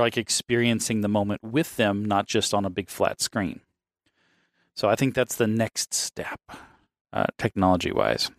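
A man's voice: on the low side, no echo, studio quality. A man co-hosting a casual chat, rambling and swearing freely, often laughing between points.

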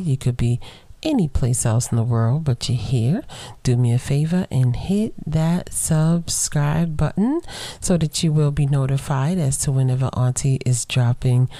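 Low, mellow-voiced woman podcast host. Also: no echo. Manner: chatty, playful, talks straight to her listeners with slow emphasis on key words. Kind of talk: casual solo podcast chat.

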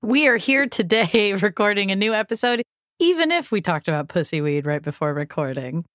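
A woman's voice: medium pitch, sing-song, brisk, fairly bright tone, dry recording. Young woman co-host, goofy, keeps things moving, dry close sound. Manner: goofy, steers the show along. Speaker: podcast co-host. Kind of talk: casual chat.

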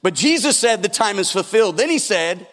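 A man's voice: sits high, expressive, fairly quick, a bit bright. A man preaching a sermon as pastor, telling stories and acting out the people in them. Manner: storytelling preacher, acts out quotes with big shifts. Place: church hall. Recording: long hall reverb.

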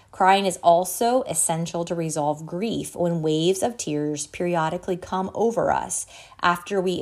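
Low-voiced woman reading an article aloud. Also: a little mellow. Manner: measured reading, stops to correct her own slips. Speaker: podcast host.

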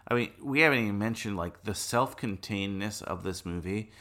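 A man co-hosting a podcast in casual film chat, relaxed and analytical, chuckling often as he talks. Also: on the low side, brisk. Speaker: podcast co-host.

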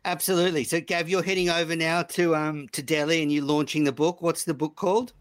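A man hosting a casual cricket podcast, talking in a relaxed, chatty way with plenty of fillers. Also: a little high, a little fast, no room sound. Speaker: podcast host.

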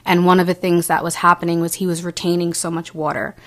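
Earnest young woman, halting and low-pitched. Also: level tone, a bit bright. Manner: halting, earnest, many restarts and "like" fillers. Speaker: guest. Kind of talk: personal story in interview.

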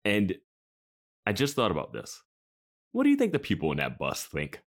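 A man's voice: sits low, wildly swooping pitch, moderate pace. A man co-hosting a podcast in casual chat, joking and laughing often. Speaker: podcast co-host.

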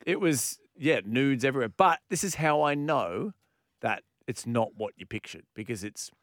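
Brief: Australian male radio co-host, animated pitch, dry close mic, chatty storyteller. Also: moderate pace, no room sound. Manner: animated storyteller, laughs often. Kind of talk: casual banter.

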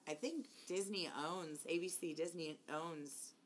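Brief: deep-voiced woman co-host, blunt, swears freely. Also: unhurried, very noisy. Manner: blunt, swears casually, teasing. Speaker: podcast co-host. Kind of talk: casual chat.

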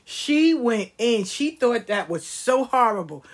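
A middle-aged woman telling comedic stories in a casual, animated way, swearing freely. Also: fairly high pitch, slow, few pauses. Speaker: storyteller.

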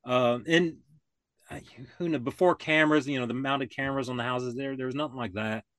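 An older man spins a long yarn in relaxed, easy talk. He circles back on himself, restarts his sentences and acts out the voices of the people in his story. The sound is dry and close. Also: medium pitch, brisk, dry recording. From Florida. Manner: rambling, restarts often, acts out quoted voices. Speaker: podcast guest. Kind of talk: casual storytelling.

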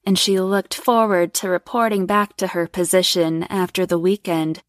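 A woman reading an adult story aloud in an even, measured storytelling manner. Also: fairly low pitch, no room sound, studio quality. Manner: slow, even storytelling read. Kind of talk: scripted adult story narration.

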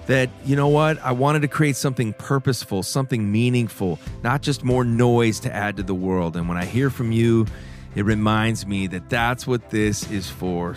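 Earnest man hosting a call-in podcast. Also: mid-range voice. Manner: earnest, emotional, slows to a near whisper when moved. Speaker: podcast host. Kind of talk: warm call-in podcast talk.

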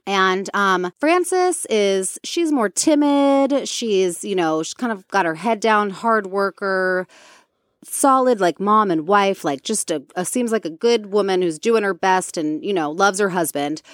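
A woman's voice: mid-range voice, no echo. Chatty woman podcaster, dry close sound. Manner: animated, chatty, quick bursts of impressions. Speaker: podcast co-host. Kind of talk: casual chat retelling a movie.

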